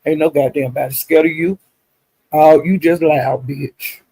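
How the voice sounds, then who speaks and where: A woman's voice: low voice, fairly even intonation, a little slow, mellow, husky, no room sound. An older woman with a Southern US accent, hosting a live stream and ranting in a profane, indignant, emphatic way. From Southern United States. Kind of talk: casual live-stream rant.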